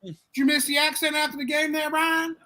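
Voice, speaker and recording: Brief: male co-host, bright ranting delivery, profane sports banter. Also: very high voice, flat delivery, a little fast, poor audio. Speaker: podcast co-host. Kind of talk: casual sports chat.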